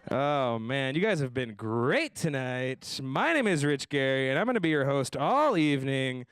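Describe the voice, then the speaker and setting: A young man hosting a stand-up comedy show, telling deadpan self-deprecating jokes and slipping into voices for the people he quotes. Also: mid-range voice, unhurried, clean tone, dry recording, studio quality. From Tucson, Arizona area. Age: young adult. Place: comedy stage before a live audience.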